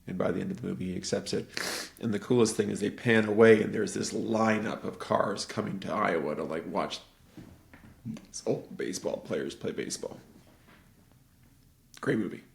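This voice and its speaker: A man hosting a podcast, casually and excitedly retelling a film with lots of "like" fillers. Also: on the low side, moderate pace, gravelly. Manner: rambling, animated movie retelling full of "like". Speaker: podcast host.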